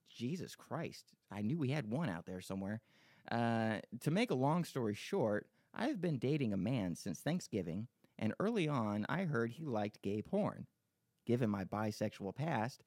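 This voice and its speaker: Gravelly, swearing podcast host. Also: male voice, medium pitch, a little mellow, dry recording, studio quality. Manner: swears freely, rambling and joking. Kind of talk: casual podcast chat.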